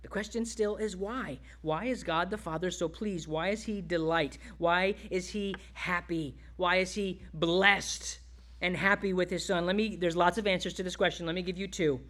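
A male pastor preaching a sermon, exhorting the congregation and dropping to quiet, tender asides. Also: sits high, fairly even intonation, normal speed.

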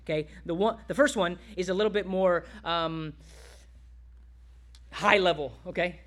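A male pastor preaching a sermon, exhorting the congregation and dropping to quiet, tender asides. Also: high voice, steady tone, unhurried.

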